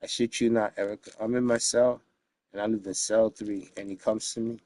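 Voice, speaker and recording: A man's voice: lowish voice, level tone, normal speed, warm tone, no room sound. A man from the United States, a guest in an interview, telling a story in a casual, streetwise, profane way, full of "you know what I mean" asides.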